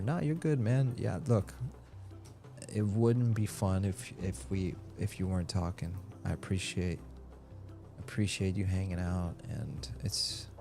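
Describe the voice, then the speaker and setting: A man's voice: low-pitched, gravelly, dark tone. A man live-streaming a game, chatting casually and rambling as he reads out viewers' messages. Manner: rambling and talkative, reads chat aloud.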